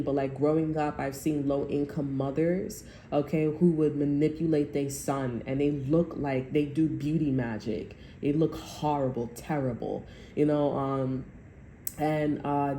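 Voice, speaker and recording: A woman's voice: low voice, dark tone, echoey room, a little hiss or hum. A woman giving a casual tarot reading, rambling and chatty, often checking in with "okay?". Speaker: tarot reader.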